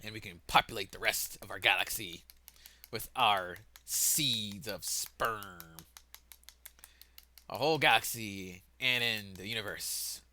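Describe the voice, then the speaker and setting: A man giving a casual, rambling home-made lesson, correcting himself as he goes and sometimes bursting out loudly. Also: fairly low pitch, slow pace. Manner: casual, self-correcting, laughs at own mistakes, sudden loud outbursts. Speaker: lesson presenter.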